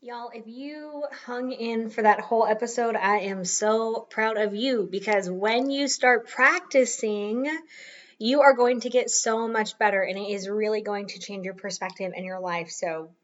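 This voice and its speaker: A woman's voice: fairly high pitch, a little slow. Chatty woman host, slightly distant, dull sound. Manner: chatty, self-deprecating, coaching tone. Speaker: podcast host. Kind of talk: casual solo podcast talk.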